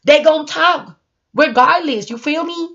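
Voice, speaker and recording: Rambling woman, high voice, dull lo-fi phone sound, casual motivational talk. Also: unhurried. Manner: rambling, laughing, swings from loud to hushed. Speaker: motivational vlogger.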